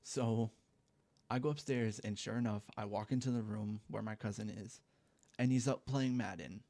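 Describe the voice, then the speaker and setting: A man's voice: on the low side, fairly even intonation, normal speed, a little mellow, no echo. A young man casually telling a story time, rambling and profane, with lots of filler words, on a headset mic at home. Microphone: gaming headset mic.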